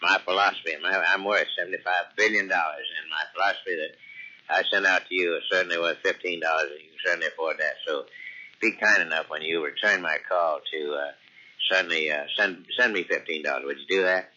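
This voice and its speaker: A man's voice: deep voice, fairly even intonation, sharp tone, full character voice. A man doing a rambling Texan billionaire. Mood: pompous. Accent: Texas. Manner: rambling, halting, full of ums. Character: pompous Texan billionaire politician phoning for money. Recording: dull lo-fi answering machine tape.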